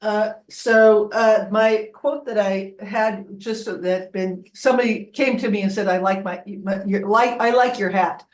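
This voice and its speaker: A woman's voice: medium pitch, steady tone, measured pace, few pauses, reverberant. A woman on a video call explaining her comic hesitantly, with many fillers. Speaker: workshop participant.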